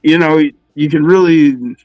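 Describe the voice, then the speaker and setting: A man chatting casually on a livestream, laid-back and swearing, acting out quotes in a high voice. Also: a little slow, no echo, muffled recording, faint music behind. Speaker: co-host.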